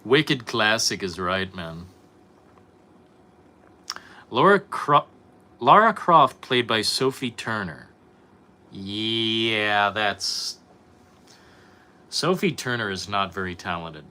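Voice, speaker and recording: A man's voice: on the low side, pushed and bright. A young man streaming, chatting casually with his viewers, rambling and swearing a lot. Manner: profane, rambling, reacting to chat. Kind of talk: casual live-stream chat.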